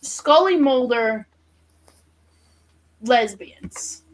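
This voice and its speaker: A woman co-hosting a casual chat show, excitable and eager to share things. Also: fairly high pitch, drawn-out words, poor audio. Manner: excitable, reads posts aloud with gusto. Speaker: podcast co-host.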